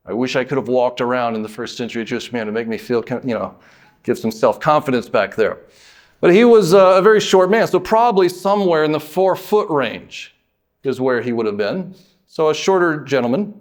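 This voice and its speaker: A man from the United States preaching a sermon as pastor, emphatic, drawing out words and lifting suddenly in pitch and volume, with folksy asides.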